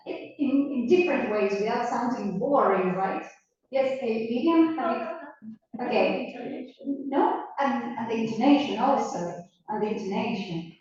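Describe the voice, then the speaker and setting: Woman lecturer, Argentine accent, native Spanish speaker, unhurried and encouraging; muffled recording in an echoey classroom. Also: on the high side, animated, darkish tone. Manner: slow, encouraging, asks questions and repeats words. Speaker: teacher. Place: university classroom. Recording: echoey classroom, distant mic, dull sound.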